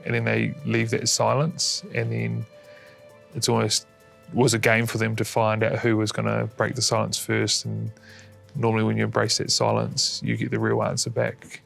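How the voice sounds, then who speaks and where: A man, a rugby player, explaining in a measured way during casual chat. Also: lowish voice, monotone, vocal fry, a bit bright, faint music behind.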